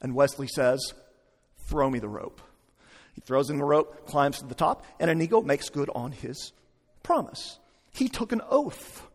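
Middle-aged male pastor, conversational sermon with joking asides, slightly high voice, long church reverb. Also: lively intonation, moderate pace.

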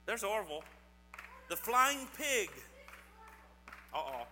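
A man's voice: high voice, big pitch swings, takes it slowly, bright, forceful tone. Give me a playful male pastor joking with kids. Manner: playful, teasing, quizzes the audience. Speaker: pastor giving a children's message. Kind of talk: children's sermon with corny jokes. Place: church sanctuary. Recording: long church hall reverb, faint mains hum.

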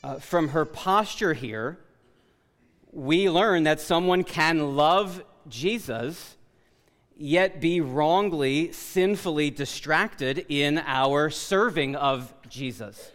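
Guy pastor giving a sermon, kinda high voice, loud, restarts his sentences a lot, big echoey church. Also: takes it slowly. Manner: loud, emphatic preaching with self-corrections. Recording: long reverb of a large hall.

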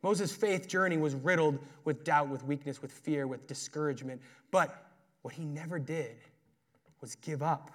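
Brief: male pastor, casual earnest sermon delivery, slightly higher pitch, dips soft then builds. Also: normal speed. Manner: conversational, earnest, shifting between emphatic and quiet.

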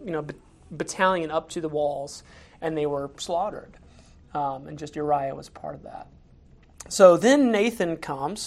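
A man's voice: fairly high pitch, gravelly. Male pastor, casual sermon delivery, chatty storyteller with frequent fillers and restarts. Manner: conversational, acts out quotes in raised voices, many fillers.

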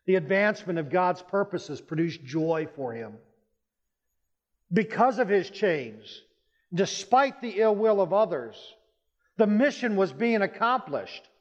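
A man delivering a sermon, his voice a little higher than most men's, rising with emphasis as he tells stories. The recording is muffled and dull, with a long hall reverb behind him. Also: expressive, a little slow. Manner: storytelling, emphatic rises in pitch. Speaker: Baptist pastor.

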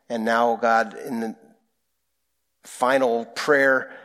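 A pastor preaching a sermon, speaking in an earnest, prayerful way with slow, deliberate phrasing. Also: male voice, mid-range voice, steady tone, fairly bright tone.

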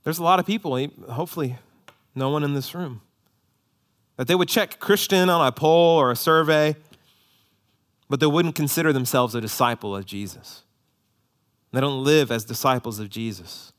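A man preaching a sermon to a congregation, animated, with rising emphasis and joking asides. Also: medium pitch, normal speed, pauses often. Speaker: pastor. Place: church hall before a congregation.

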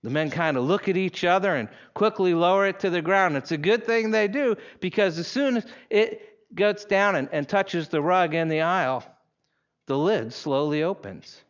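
A man's voice: high-pitched, normal speed, muffled recording. A male pastor preaching a sermon, telling a story vividly in the second person and leading the congregation through readings aloud.

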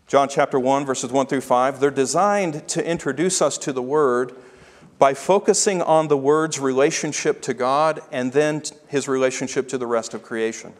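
A pastor preaches a sermon in a medium-pitched voice, emphatic and slowing down to stress key phrases. The recording carries a big-room sound.

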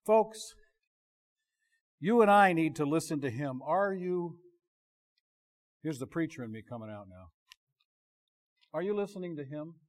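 A man preaching a sermon in a conversational way, often stopping himself mid-phrase and dropping to a quiet voice for emphasis. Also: on the high side, animated, unhurried, long pauses. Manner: conversational, self-interrupting, drops to quiet emphasis.

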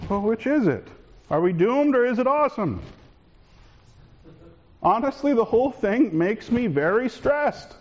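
A man preaching a sermon as pastor, swinging between raised, urgent lines and hushed, calm ones. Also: very high-pitched, unhurried, highs cut off.

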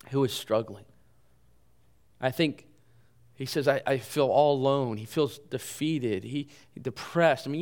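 A male pastor preaching a sermon in an earnest way, rising in emphasis and then dropping soft and low in his closing appeal.

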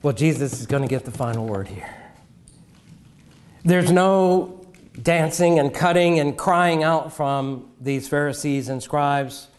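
Male preacher, middle-aged, higher register, dramatic pauses and hushed drops. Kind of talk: sermon.

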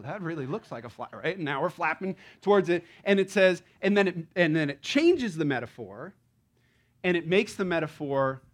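A man preaching a sermon to a congregation in a conversational, animated way, with frequent asides and rhetorical questions. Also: a little high. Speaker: pastor.

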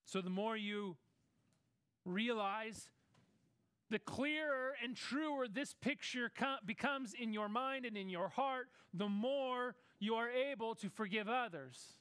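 Preacher, male, very high voice, dry close sound, conversational sermon delivery. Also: a bit bright, smooth, no room sound. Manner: conversational preaching, acts out Bible characters in quick asides.

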